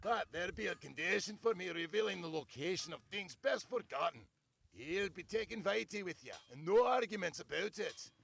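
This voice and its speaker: An actor playing a gruff, protective male dwarf father who gives commands in a game. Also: high-pitched, animated, normal speed, a bit bright, full character voice. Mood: stern.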